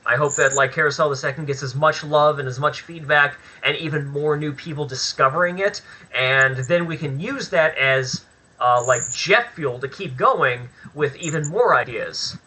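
A man's voice: a little high, normal speed, pushed and bright, slightly rough, poor audio. A man talking as a guest on a casual podcast interview, candid and chatty, swearing freely. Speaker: podcast guest, filmmaker and actor.

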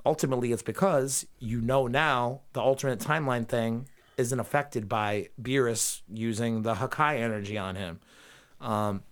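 A man's voice: medium pitch, moderate pace. Man ranting casually on a podcast. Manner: profane, ranting, breaks into humming and singing. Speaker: podcast co-host.

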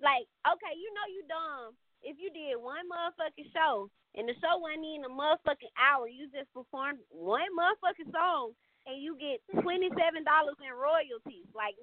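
A woman's voice: sits high, dry recording. A woman rapper on a radio interview, cursing and calling someone out in a confrontational rant. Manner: profane, confrontational, calls someone out. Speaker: rapper guest. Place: radio studio. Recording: tinny phone-like sound.

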